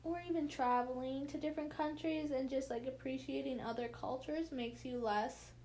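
A young woman from the United States tells stories in a casual chat with friends. Her voice sits high, and she has a slight lisp. She rambles through her tales with plenty of fillers and easy laughter. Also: steady tone, normal speed, warm tone, slight background noise.

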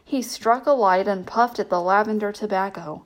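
A woman hosting a bedtime story reading, narrating in a gentle, measured way. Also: mid-range voice.

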